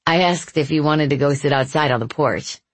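A woman's voice: sits low, fairly quick, husky, no room sound. Woman reading as a confident young college guy. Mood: easygoing.

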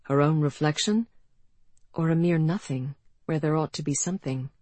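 An audiobook narrator reading a period novel in a measured, expressive way. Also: mid-range voice, no echo. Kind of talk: scripted narration.

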